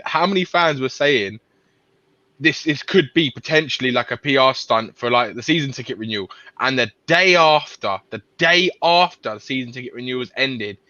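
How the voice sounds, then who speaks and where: A man with a bright, forceful voice rambles through his take as a guest on a fan stream, often tripping over and repeating words. The sound is dry, with no room around it. The audio is dull and lo-fi. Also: medium pitch, no room sound. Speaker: guest panelist. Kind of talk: casual live-stream chat.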